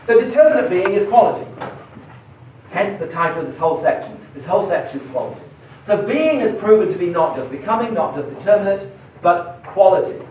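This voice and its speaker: A man's voice: sits high, expressive, fairly quick, darkish tone, a little hiss or hum. A middle-aged man giving a university philosophy lecture, thinking aloud and stressing key words as he writes on a board. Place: lecture room. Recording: echoey lecture hall, mic far away, dull and lo-fi.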